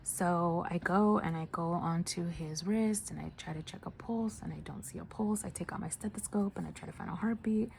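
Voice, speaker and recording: A woman who works as a nurse, telling a story in a casual storytime. She speaks softly, often close to a whisper, with many fillers. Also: lowish voice, moderate pace, vocal fry, few pauses, a little hiss or hum. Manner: soft, hushed delivery with many fillers.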